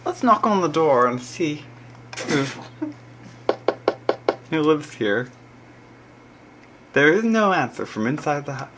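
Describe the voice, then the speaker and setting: A woman's voice: deep voice, takes it slowly, long pauses, very noisy. Woman reading game text aloud. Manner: relaxed, murmuring fillers between read-outs. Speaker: let's play player.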